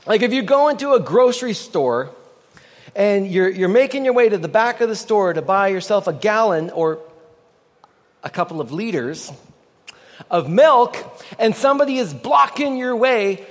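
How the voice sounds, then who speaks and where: Animated high-voiced pastor in a hall. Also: male voice, moderate pace. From Canada. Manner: animated, joking, gets the audience to repeat lines. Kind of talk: sermon.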